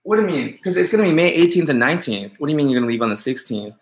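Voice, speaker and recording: A man's voice: a little high, animated, racing. A man who is a dog groomer, chatting on a live stream, joking and teasing viewers as he rambles with many fillers.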